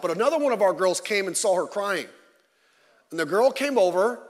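A pastor preaching a Sunday sermon in a relaxed, joking way to his congregation. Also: high voice, fairly quick. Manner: conversational with jokes to the congregation. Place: church sanctuary. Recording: long reverb of a large hall.

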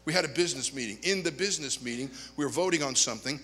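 A man preaching a sermon, telling lively anecdotes and acting out the people in them. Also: medium pitch, very fast, slightly rough, long reverb tail. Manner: animated anecdotes, acts out quoted people. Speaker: pastor. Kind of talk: storytelling sermon.

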